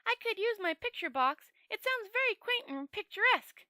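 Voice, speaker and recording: A woman's voice: very high voice, sing-song, moderate pace, sharp tone, no room sound, voice pushed up, exaggerated voice. Woman voicing a gushing naive tourist man. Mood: enthusiastic. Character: eager naive male tourist, wide-eyed and cheerful.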